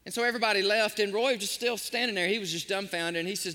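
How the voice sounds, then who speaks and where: Give me a man preaching an emotional, animated sermon in a church with long reverb. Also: high-pitched, quick pace, hardly any pauses. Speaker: pastor. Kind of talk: sermon with storytelling. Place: church sanctuary.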